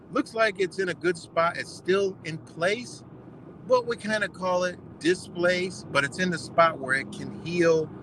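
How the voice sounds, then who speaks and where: A young man with a fairly high voice talks casually, retelling conversations in rapid back-and-forth and swearing as he goes. He is recorded on a phone outdoors, with steady street and car noise behind him. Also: poor audio. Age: young adult. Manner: retells doctors' talk in quick quoted exchanges, swears freely. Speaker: vlogger. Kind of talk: casual storytelling.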